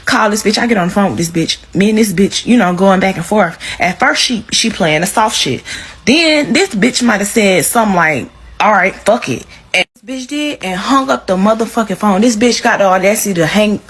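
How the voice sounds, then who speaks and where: A woman's voice: medium pitch, animated, normal speed, breathy edge. Woman cussing through a heated storytime. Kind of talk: storytime rant to camera.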